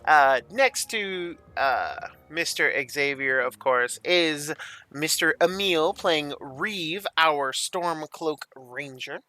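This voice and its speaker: A man's voice: fairly high pitch, slow, pushed and bright. A man running a tabletop game as game master, enthusiastic and rambling as he introduces the players.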